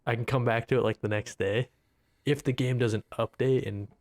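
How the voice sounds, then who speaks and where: A man's voice: medium pitch, steady tone, moderate pace, a little mellow. A man co-hosting a gaming podcast, rambling casually with lots of "you know what I mean" and some swearing. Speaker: podcast co-host. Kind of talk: casual chat.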